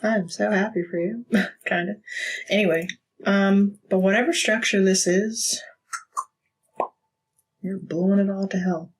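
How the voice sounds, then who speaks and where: Woman tarot reader, husky, slow-paced, blunt, swears, laughs a lot. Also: mid-range voice, fairly even intonation, rough recording. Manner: blunt, profane, laughs often. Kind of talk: casual tarot reading.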